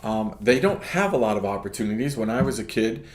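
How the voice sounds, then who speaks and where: A man's voice: on the low side, lively intonation, a little fast, roomy sound. A man, a pastor co-hosting a casual ministry podcast, talking reflectively and checking in with "right?". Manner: reflective, adds "right?" often. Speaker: pastor, co-host.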